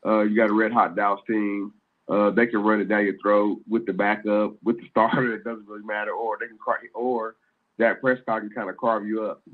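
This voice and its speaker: A man's voice: fairly low pitch, level tone, a little fast. Rambling man over a tinny phone line. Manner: rambling, with many restarts. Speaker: podcast co-host. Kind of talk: casual sports chat.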